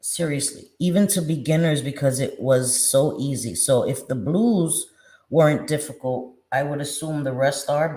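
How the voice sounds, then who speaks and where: A woman's voice: sits low, normal speed, mellow. Chatty woman in her forties. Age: 40s. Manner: chatty, playful, laughs easily. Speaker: beauty vlogger. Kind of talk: casual chat while doing makeup.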